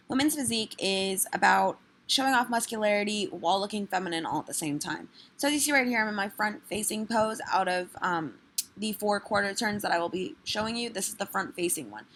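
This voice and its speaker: A woman narrates an instructional voice-over in a mid-pitched voice. She explains each step plainly and matter-of-factly, like a trainer walking a client through a routine. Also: animated, a little fast, fairly bright tone. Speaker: fitness vlogger and trainer.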